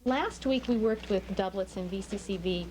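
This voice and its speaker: A woman's voice: medium pitch, moderate pace, background noise. A woman teaching a small group of children a phonics lesson, patient and asking many questions.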